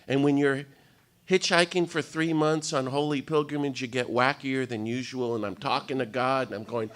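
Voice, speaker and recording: A man in his fifties giving a storytelling talk to an audience at a retreat day, animated and self-mocking with humor. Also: mid-range voice, moderate pace. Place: meeting room with live audience.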